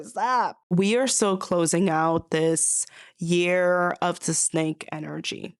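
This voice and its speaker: A woman's voice: on the low side, fairly even intonation, slow pace, clean tone, no echo, clean studio sound. A woman giving an intuitive reading straight to her viewers, sassy and emphatic, repeating lines for effect and calling the listener honey and babes. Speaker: intuitive card reader. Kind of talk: direct-to-camera spiritual reading.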